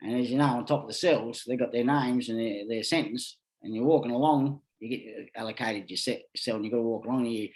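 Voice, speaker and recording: A man's voice: mid-range voice, brisk, few pauses, darkish tone. An Australian man telling rambling stories as a podcast guest, talking bluntly and swearing freely. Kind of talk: casual storytelling.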